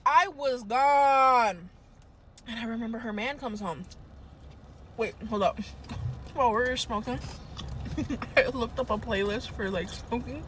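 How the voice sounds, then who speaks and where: A young woman telling a casual storytime anecdote in a profane, animated way. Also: on the high side, measured pace, long pauses, slight background noise. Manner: profane, animated, swears a lot.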